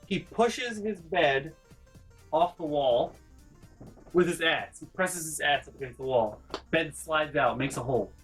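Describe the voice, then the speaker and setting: A young man vlogging college dorm stories in an animated way, acting out voices and sound effects and swearing casually. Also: on the high side, measured pace, slightly rough, faint music behind. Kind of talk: casual storytelling vlog.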